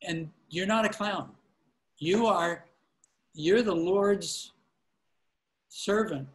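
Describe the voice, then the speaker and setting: A man who pastors, teaching a class on preaching over a call. His voice sits a touch high, and he gives earnest, fatherly counsel, often restarting sentences mid-thought. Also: extremely slow, poor audio. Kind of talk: informal teaching on a video call.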